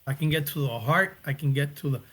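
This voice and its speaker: A man being interviewed about his acting work, talking in a reflective, casual way and often pausing to find his words. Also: on the high side, fairly bright tone, slightly rough. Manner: reflective, searching for words, restarts. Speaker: actor and director, guest.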